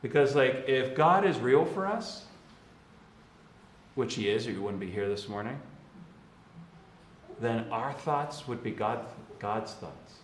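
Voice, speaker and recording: A man's voice: mid-range voice, expressive, slow, long pauses, echoey room, a little hiss or hum. A man, a Catholic priest, giving a casual, conversational homily with slangy asides and laughs.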